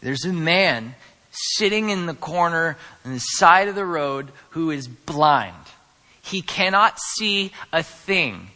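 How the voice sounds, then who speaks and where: A man preaching a sermon, moving from quiet, conversational asides to loud, emphatic declarations. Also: high voice. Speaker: pastor. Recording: long hall reverb.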